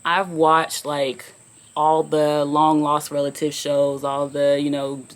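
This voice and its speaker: A woman's voice: low voice, completely flat delivery, slow pace. A woman chatting casually, often chiming in with "yeah.". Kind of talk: casual chat.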